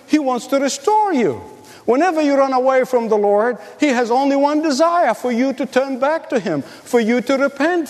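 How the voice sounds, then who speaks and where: A man's voice: extremely high pitch, long reverb tail. A man preaching a sermon as the pastor, building to emphatic, repeated calls.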